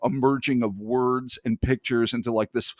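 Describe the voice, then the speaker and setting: Podcast co-host, man, mid-pitched, reflective and articulate, dry close mic. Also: steady tone, moderate pace, no room sound. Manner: thoughtful, articulate, swears casually. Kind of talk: casual chat.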